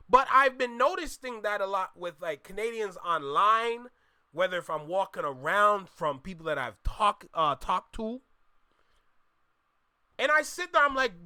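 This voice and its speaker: A young man with a high, bright voice giving casual live-stream reaction commentary. He talks in loose slang and swings from loud, exasperated outbursts to quiet muttering.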